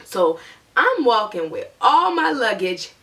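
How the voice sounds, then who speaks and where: A young woman vlogger telling a storytime in a chatty, animated way, acting out her own past lines. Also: on the high side, takes it slowly, far from the mic. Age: young adult. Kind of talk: storytime vlog.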